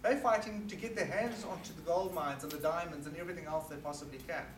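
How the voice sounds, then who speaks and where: High-voiced South African man in a hall. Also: fast talker, background noise. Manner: earnest and forceful, emphatic repetition. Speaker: guest speaker. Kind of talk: public talk to an audience. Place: meeting hall. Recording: roomy hall recorded from a distance.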